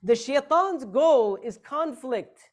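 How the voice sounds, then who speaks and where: A man preaches a Friday sermon in a mosque hall. He leans hard on single words and keeps asking rhetorical questions. His voice sits fairly high for a man. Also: expressive, slow pace. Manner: emphatic, rhetorical questions, shifting stress.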